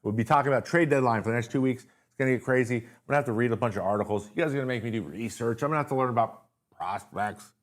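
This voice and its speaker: A man hosting a casual live-stream Q&A, talking in a loose, joking, rambling way full of filler words. His voice sounds worn and tired. His pitch sits in an ordinary middle range for a man. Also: racing. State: tired, voice wearing out. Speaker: show host.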